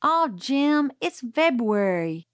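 A woman's voice: sits high, very animated, slow, dry recording, studio quality, voice pushed up, heavily acted. A woman reading aloud who voices a curious young girl in a storybook, questioning and protesting.

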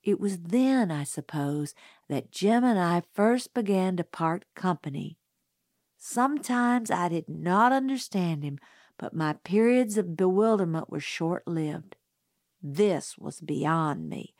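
A woman reading a novel aloud in first person, measured and unhurried. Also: fairly low pitch, lively intonation, darkish tone, no echo, studio quality. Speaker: audiobook narrator. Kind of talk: scripted first-person narration.

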